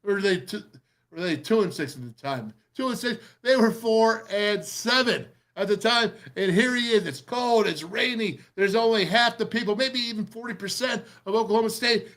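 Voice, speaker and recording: Middle-aged guy with a highish voice hyped up going over game tape, kinda rambly. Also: normal speed. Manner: excitable, rambling, pumped up. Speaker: radio show host breaking down game film. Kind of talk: film breakdown commentary.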